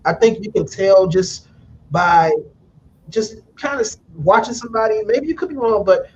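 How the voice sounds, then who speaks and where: A man's voice: high voice, normal speed, a little mellow. A man hosting a podcast, easygoing and agreeable, chatting casually with his guest. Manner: laid-back and agreeable, with many affirming yeahs. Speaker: podcast host. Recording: dull lo-fi line with faint noise.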